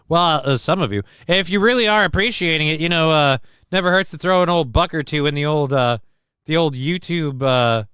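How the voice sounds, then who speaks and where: A man's voice: mid-range voice, fairly bright tone, smooth, dry recording, studio quality. A man hosting a casual live-stream show, reading chat messages aloud and riffing on them in a crude, joking, rambling way.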